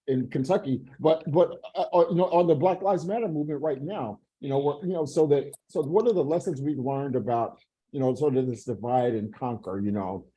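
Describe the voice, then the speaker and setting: A man's voice: mid-range voice, dark tone, husky, low-quality recording. A man on a panel talking in a rambling way with many fillers over a video call. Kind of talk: panel discussion.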